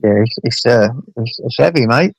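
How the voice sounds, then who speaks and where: A man hosting a casual chat, talking bluntly with plenty of swearing and lively storytelling. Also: mid-range voice, moderate pace, vocal fry, dry recording, poor audio. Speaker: host.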